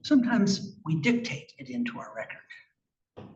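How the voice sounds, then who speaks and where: In a conference room, a man presents on clinical research with slides, keeping it conversational and emphatic while throwing out rhetorical questions. His voice sits fairly high, with a sing-song lilt, a measured pace and a slightly mellow quality. The audio is muffled, distant and echoey, with a bit of faint noise.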